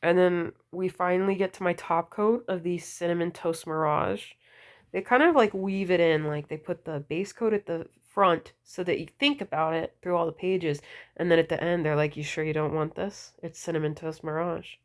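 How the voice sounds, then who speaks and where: A woman vlogger chatting casually about nail polish, gushing and full of fillers, her voice deepened and a bit slurred from a cold. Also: moderate pace. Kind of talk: casual wishlist chat.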